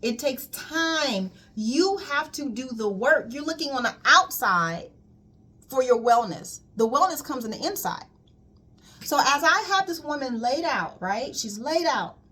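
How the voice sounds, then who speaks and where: High-voiced woman preaching wellness. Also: lively intonation, unhurried, sharp tone, husky. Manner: emphatic and repetitive, calls listeners "queen". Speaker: colon hydrotherapist. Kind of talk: casual spiritual wellness talk.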